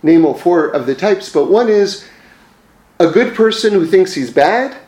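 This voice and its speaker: A man's voice: high voice, expressive, a little slow, a little mellow, reverberant. A man telling religious teaching stories in a conversational way, with frequent fillers and self-corrections. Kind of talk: storytelling religious lesson.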